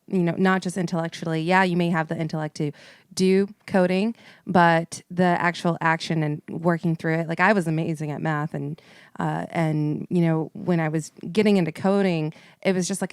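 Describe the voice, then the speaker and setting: A woman's voice: lowish voice, a little mellow, smooth, dry recording, studio quality. A woman co-hosting a casual gaming podcast, talking in a chatty, rambling way. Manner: chatty, rambling, laughs easily. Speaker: podcast co-host. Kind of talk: casual chat.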